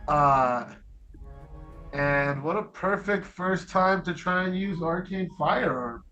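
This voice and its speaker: A man chatting casually at a tabletop game, opening his turns with hesitant fillers. He talks very slowly, in a bright, tense voice with a slightly raised pitch. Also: muffled recording, faint music behind. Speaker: player.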